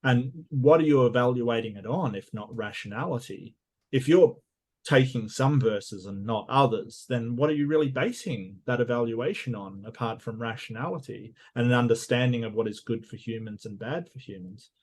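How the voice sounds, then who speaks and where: A man speaking in a debate in a measured way, restarting phrases now and then. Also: medium pitch, a little mellow. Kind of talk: debate closing statement.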